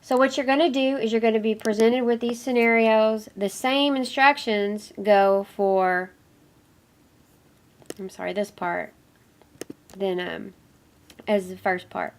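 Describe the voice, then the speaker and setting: A woman teaching an online course in an informal recorded lecture. She has a cold, so her voice is nasal and hoarse at times, and she rambles with fillers and apologies. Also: fairly high pitch, fairly even intonation, a little slow, long pauses. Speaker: course instructor.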